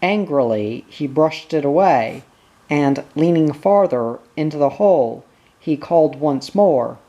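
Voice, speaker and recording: A reader reading a children's novel aloud in a measured, gentle, unhurried way. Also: medium pitch, expressive, muffled recording. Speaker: audiobook reader.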